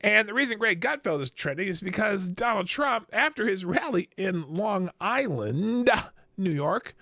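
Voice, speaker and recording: Animated high-pitched male livestream host. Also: a little slow, gravelly, no echo, clean studio sound. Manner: animated, laughing, reacting to chat. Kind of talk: casual livestream commentary.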